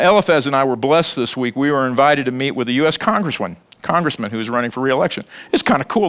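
A middle-aged man preaching a sermon in a conversational, animated way, joking and acting out little scenes. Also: a little high. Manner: animated, conversational preaching with laughs and acted quotes. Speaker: pastor.

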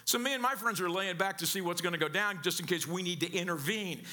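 A pastor from southern Missouri delivers a casual sermon. His voice sits high and sounds bright and ringing. He tells stories in a loose, talky way and often restarts his words. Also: fast talker. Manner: conversational, stammering restarts, storytelling.

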